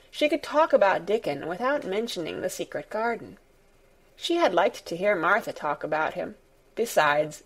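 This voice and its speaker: A woman narrating an audiobook in a measured storytelling manner. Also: medium pitch. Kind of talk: scripted narration.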